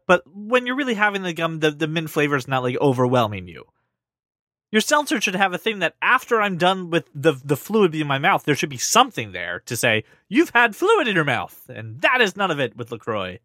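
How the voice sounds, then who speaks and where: A podcast co-host, a man, rambling in casual chat with lots of restarts and stumbles. His voice sits a bit high and swings widely in pitch. The sound is dry and close. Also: a little fast, no room sound. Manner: animated, rambling with many restarts.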